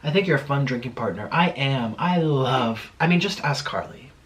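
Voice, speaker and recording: Chatty and animated, a young man eats and talks at home for a mukbang vlog, cursing when things get heated. His pitch is medium and his pace is normal.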